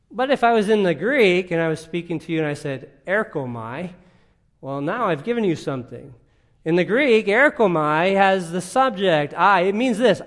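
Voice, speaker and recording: A man's voice: a little high, animated, moderate pace. A man preaching a sermon, teaching in an emphatic, conversational way with rhetorical questions.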